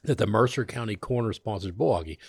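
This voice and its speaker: Deadpan low-voiced man. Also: quick pace, breathy edge, no echo. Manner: dry, mock-serious humor. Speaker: county coroner. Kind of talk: casual podcast chat.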